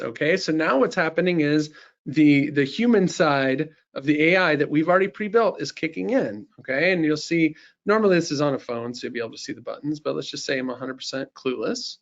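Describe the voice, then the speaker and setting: Upbeat man demoing software. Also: on the high side, brisk, muffled recording. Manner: upbeat salesman, many fillers like you know. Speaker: webinar presenter. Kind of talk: live software sales demo.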